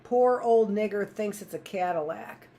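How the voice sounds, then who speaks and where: A woman's voice: medium pitch, measured pace, dark tone, a little hiss or hum, natural voice. A woman reading aloud, voicing a crude teenage boyfriend who talks in an offhand, mocking way.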